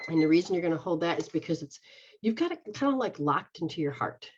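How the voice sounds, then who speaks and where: A lower-pitched woman talks clients through an energy healing session, speaking their feelings aloud in first person before giving step-by-step hand placements. The sound is dull and lo-fi, like audio from an online stream. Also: big pitch swings, quick pace, a little hiss or hum. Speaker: energy healer leading a live session. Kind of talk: guided healing session, casual.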